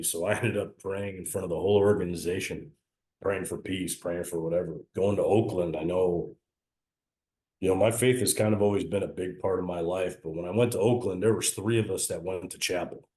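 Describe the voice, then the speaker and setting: A man with a very low, deep voice looks back on a long baseball career. He talks in an earnest, reflective way, mixing stories with his faith. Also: steady tone, brisk, darkish tone. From Italian-American family. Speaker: baseball coach and former player. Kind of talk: casual interview conversation.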